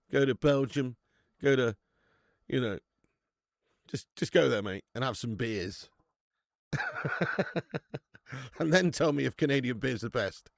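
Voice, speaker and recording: A man's voice: medium pitch, vocal fry, no room sound, clean studio sound. Laddish British man hosting a football stream. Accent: British English. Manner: laddish banter, swearing, reading out chat. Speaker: host. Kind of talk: live football watch-along chat.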